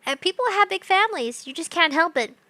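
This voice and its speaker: A young woman chats on a live stream in a giggly, scatterbrained rush. Her voice sits high and sounds bright and sharp. She is recorded close and dry, with no room around her. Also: lively intonation, brisk, no echo. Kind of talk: casual live-stream chat.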